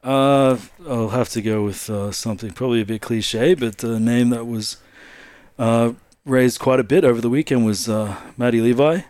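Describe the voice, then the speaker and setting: A man's voice: medium pitch, steady tone, normal speed, darkish tone, no room sound. A man co-hosting a podcast, chatting casually, laughing often and swearing freely. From Australia. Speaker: podcast co-host. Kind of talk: casual chat.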